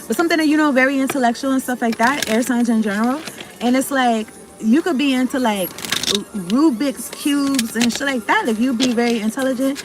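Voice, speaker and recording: A tarot card reader gives her viewers a casual reading, rambling, cutting herself off mid-thought and using slang with some swearing. Her voice is high-pitched and a little fast, with background noise.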